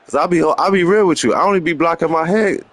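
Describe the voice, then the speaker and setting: A man's voice: fairly high pitch, fast, a bit bright. A man hosting a casual live stream, bantering playfully with viewers while he plays a boxing video game. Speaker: gaming streamer.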